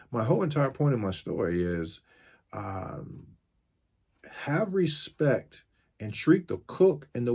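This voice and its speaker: A man's voice: fairly low pitch, darkish tone, husky. A mobile mechanic in his fifties tells the story of a pushy customer's phone call to camera, in a firm, blunt and straight-to-the-point way.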